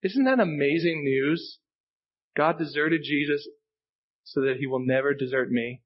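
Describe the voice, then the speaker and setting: A man's voice: a little high, measured pace, lo-fi sound. A male pastor preaching a sermon, earnest and emphatic, repeating key phrases for weight. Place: church sanctuary.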